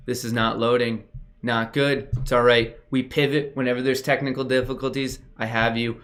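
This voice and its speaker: A young man hosting a casual livestream, excitable and gushing as he talks straight to his viewers. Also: mid-range voice, normal speed. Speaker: livestream host.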